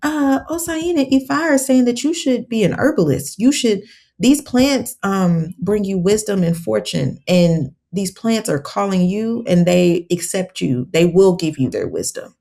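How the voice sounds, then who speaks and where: A woman voicing her older male spiritual godfather, speaking with slow, solemn pronouncement. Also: high-pitched, lively intonation, creaky, a little mellow, pitched above the performer's own voice, exaggerated voice.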